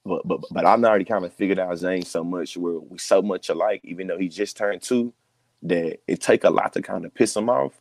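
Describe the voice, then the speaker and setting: A man's voice: low voice, fairly quick, darkish tone, dry recording, rough recording. A young man co-hosting a talk show, telling stories in a laid-back way with lots of slang. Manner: laid-back storytelling, heavy slang and repeated "you know what I'm saying". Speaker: podcast co-host. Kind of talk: casual chat.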